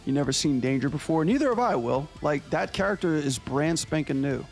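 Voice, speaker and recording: A man who animates and streams, chatting casually with his viewers in a relaxed, slangy way over faint guitar music. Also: fairly high pitch, moderate pace, gravelly. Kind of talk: casual livestream chat.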